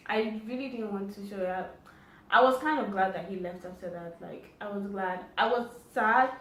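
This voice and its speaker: A woman's voice: mid-range voice, distant mic. A woman telling a story in a casual vlog, chatty and acting out the dialogue. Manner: chatty, acts out quoted dialogue. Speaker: vlogger. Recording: roomy echo, faint background noise.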